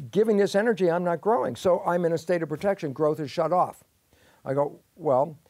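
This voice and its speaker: Being interviewed as a guest scientist, a man with a fairly high voice explains things at length in a lively manner, acting out both parties in imagined conversations. It's a dry recording.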